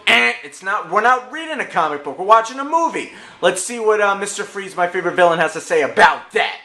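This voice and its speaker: A male movie reviewer chats enthusiastically in a casual vlog, full of slang and jokes. His voice is bright and forceful, sitting a bit high. The room is echoey, with a faint hum underneath. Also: animated, a little fast, few pauses.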